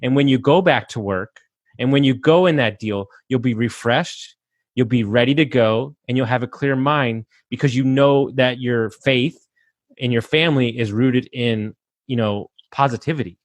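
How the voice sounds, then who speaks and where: In a dry recording, a man of medium pitch speaks at a moderate pace as a podcast guest. He's a real estate investor giving motivational talk, emphatic and fired up, swearing freely, and preaching like a coach.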